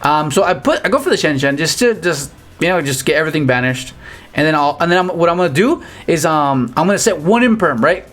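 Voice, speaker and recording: A man giving casual, rambling commentary on his own card game matches, with frequent restarts and excited outbursts. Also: fairly high pitch, fast. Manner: rambling, restarts often, animated exclamations.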